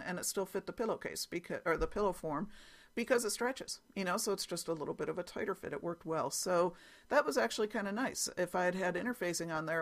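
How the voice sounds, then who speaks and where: A middle-aged woman hosting a casual solo podcast, chatting and telling stories with frequent laughs and fillers. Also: lowish voice. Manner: chatty storyteller, laughs often, many fillers. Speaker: podcast host.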